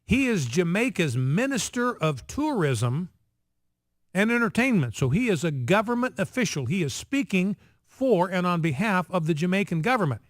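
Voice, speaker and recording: A male talk radio host with a slightly high voice, recorded dry and close in a studio. He delivers commentary with emphasis, stretching out key figures and stacking repeated phrases into rhetorical questions. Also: very animated, no room sound. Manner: emphatic, slows down to stress figures.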